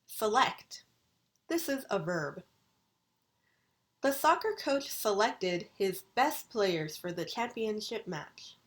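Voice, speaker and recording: Her pitch is medium and her tone fairly bright and expressive as this female university English lecturer records a video lesson. She works through vocabulary words, pronouncing them slowly and deliberately.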